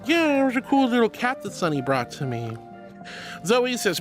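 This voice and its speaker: A man live-streaming in a virtual world, chatting casually and gushing over his viewers in playful, excitable bursts. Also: very high-pitched, normal speed, over music.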